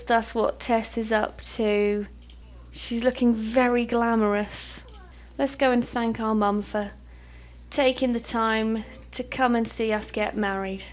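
A woman's voice: a little high, steady tone, measured pace, darkish tone. A young British woman giving chatty, giggly let's play commentary on a life simulation game, swearing now and then. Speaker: gaming YouTuber.

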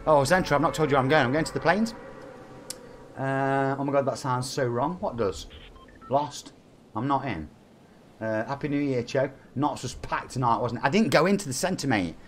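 Slight background noise sits under this medium-pitched male voice talking at a normal speed. He's an Englishman in his forties with a Nottingham accent, streaming a game live while bantering, joking, and reading chat aloud.

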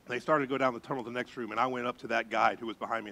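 A middle-aged man preaching as a pastor, telling a story with lively voices and gasps. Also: medium pitch, fast talker, vocal fry. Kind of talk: sermon storytelling.

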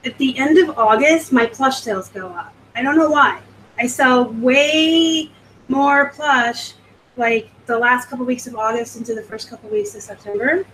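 A woman's voice: a little high, normal speed, a bit bright, a little hiss or hum, rough recording. A woman from the US West Coast hosting a live stream. She reads out viewer comments and chats about her selling in a rambling, casual way. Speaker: host.

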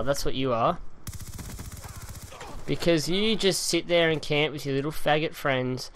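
A young man with a loud, heckling manner, commentating live gameplay into a desk mic at home and swearing at opponents. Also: on the high side, unhurried. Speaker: gaming commentator. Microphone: desk mic with pop filter.

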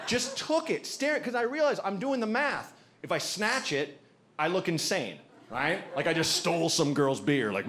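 A man doing a stand-up comedy set before a live audience, telling a story in an animated way and acting out the people in it. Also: a little high, normal speed, a crowd in the background.

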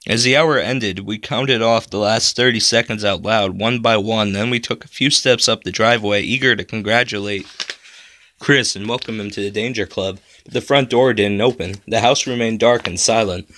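A man's voice: lowish voice, normal speed, a bit bright, a little hiss or hum. A man reading a horror story aloud in a dramatic, suspenseful first-person narration. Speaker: storybook reader.

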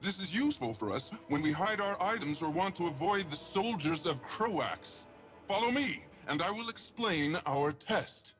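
An actor playing a young, earnest alien guardian in a video game, speaking formally and with measured care. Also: male voice, high voice, lively intonation, a bit bright. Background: game music.

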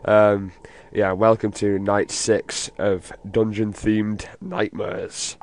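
A man's voice: on the low side, slow pace, vocal fry. A man giving casual, profane and rambling commentary while he plays a horror game for his channel. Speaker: gaming video host. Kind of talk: let's play commentary. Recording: steady background noise.

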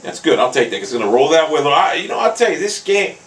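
A young man commentating his own golf video game, hot-tempered and swearing constantly, often bursting into angry shouts. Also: a little high, big pitch swings, fast talker, poor audio. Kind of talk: live gameplay commentary.

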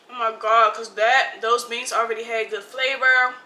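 A woman's voice: fairly high pitch, little pitch movement, moderate pace, few pauses, bright, forceful tone, roomy sound, rough recording. A young woman chatting casually to her viewers while cooking and eating in her home kitchen, playful and talkative, recorded on a phone. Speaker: food vlogger. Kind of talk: casual vlog chat. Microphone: phone camera.

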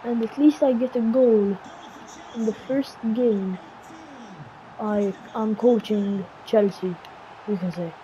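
A woman's voice: medium pitch, fairly even intonation, slow pace, long pauses, mellow. A woman giving play-by-play commentary on her own football video game match, critical of herself and muttering between the calls. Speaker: gaming channel host. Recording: dull lo-fi recording, faint hiss.

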